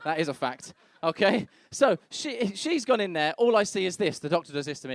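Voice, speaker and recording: In a dry recording, a young stand-up comic with a high, very animated voice talks a little fast. He tells crude stories brashly on a club stage, imitating the people in them.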